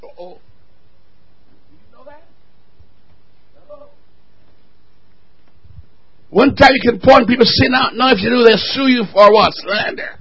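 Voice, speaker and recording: A man preaching a sermon, calling out to the church and rising into fervent shouts. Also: very high voice, a little slow, pauses often, slightly rough, rough recording. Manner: call-and-response, rising to shouting.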